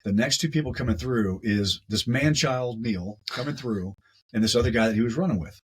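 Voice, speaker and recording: A man, a guest on a podcast, telling a story in a casual, animated way and often repeating his words. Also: mid-range voice, fairly quick, slight background noise, low-quality recording.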